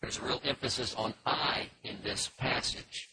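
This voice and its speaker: A man teaching through a Bible passage in a measured, explanatory way, pausing often with fillers. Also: lowish voice, steady tone. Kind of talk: expository Bible lesson. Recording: noisy recording with faint clicks.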